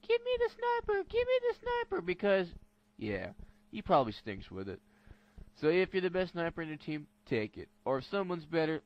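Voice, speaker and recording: Male podcast contributor, mid-pitched, casual gamer slang, slightly dull lo-fi mic. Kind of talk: recorded tips segment.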